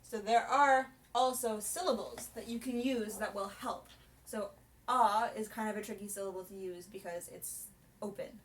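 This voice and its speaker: With a piano behind her and her voice coming from a distance, a young woman who teaches soprano singing explains things casually during a vocal lesson. Her pitch is medium and her tone steady at normal speed, with slight background noise.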